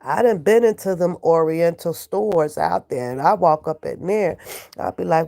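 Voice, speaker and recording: A woman's voice: fairly low pitch, normal speed, creaky, mellow. A woman who is sick with a cold, chatting from her bed on a live stream, profane and laughing as she banters with her chat. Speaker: vlogger talking to live chat. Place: in bed at home.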